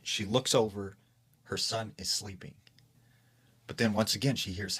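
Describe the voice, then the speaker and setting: A man's voice: fairly low pitch, moderate pace, fairly bright tone, slightly rough. A man narrating a true spooky story in a casual, conversational storytime way, leaning on "like" and acting out what people said. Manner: conversational, heavy use of "like", acts out quoted lines.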